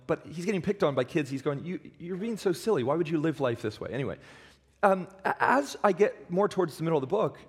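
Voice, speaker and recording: A pastor preaching a sermon, earnest and emphatic, slowing down for weight and sometimes stumbling over restarts. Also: male voice, on the high side, slightly rough. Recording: long hall reverb.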